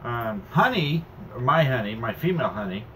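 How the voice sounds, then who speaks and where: A man telling a story in a playful, casual chat that builds in excitement. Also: mid-range voice, moderate pace, far from the mic, a little hiss or hum. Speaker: host's husband. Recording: voice a bit off-mic.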